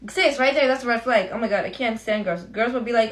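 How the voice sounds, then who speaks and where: A woman's voice: fairly high pitch, fast. Chatty young woman telling a storytime. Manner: chatty, slangy, addresses viewers as friends. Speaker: beauty vlogger. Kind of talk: get-ready-with-me storytime chat.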